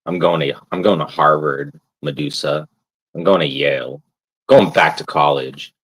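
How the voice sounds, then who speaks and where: A man's voice: a bass voice, a little slow, a bit bright, slightly rough, low-quality recording. A man streaming live, ranting casually while he plays a game, swearing often and padding his talk with "like". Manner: rambling, swears constantly, fills with "like". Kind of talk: casual profane rant while gaming.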